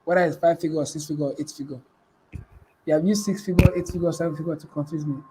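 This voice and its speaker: A man coaching his viewers on business in a high-pitched voice. He hammers points home by repeating phrases and throwing questions at the audience. His delivery is emphatic and conversational. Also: fairly even intonation, fast, very noisy. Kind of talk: live-streamed motivational talk.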